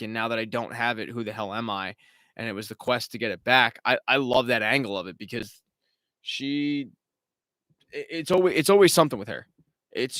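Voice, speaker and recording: A man's voice: mid-range voice, sharp tone, no echo, clean studio sound. A man hosting a live recap stream, talking casually at home, rambling, swearing and slipping into mocking impressions. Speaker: show host.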